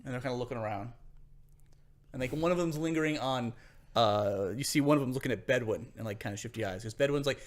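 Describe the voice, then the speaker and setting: A man's voice: mid-range voice, quick pace. A man running a tabletop game as game master, narrating casually and laughing often.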